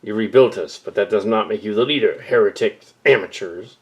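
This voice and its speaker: A man's voice: lowish voice, fairly quick, lightly acted. A man voicing a zealous male robot priest who guards a hive, with a pompous, scolding manner in a fan-made audio drama. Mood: indignant.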